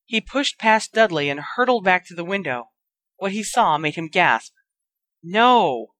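Bright, dry story narrator. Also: medium pitch, sing-song, unhurried, no echo. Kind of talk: reading a fan fiction story aloud.

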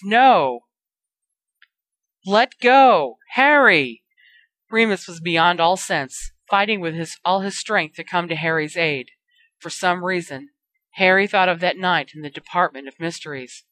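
A woman narrating a fan-fiction story in a steady storytelling voice. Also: fairly low pitch, moderate pace, no echo. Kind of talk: reading fan fiction aloud.

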